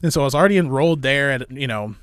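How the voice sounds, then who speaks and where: A man's voice: mid-range voice, lively intonation, racing, fairly bright tone, clean tone, no room sound. A young man from Illinois, a comedy club manager guesting on a podcast, telling stories in a loose, profane way, often laughing and acting out other people's voices. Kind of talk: casual storytelling.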